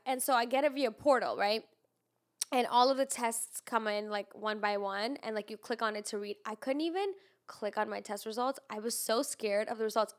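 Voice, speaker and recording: A young woman with a stuffed-up, nasal voice talks in a loose, rambling chat. She fills her sentences with "like" and swears freely. Her voice sits a little high. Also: a bit bright. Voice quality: congested, nasal. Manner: chatty, swears freely, lots of "like". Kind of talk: casual chat.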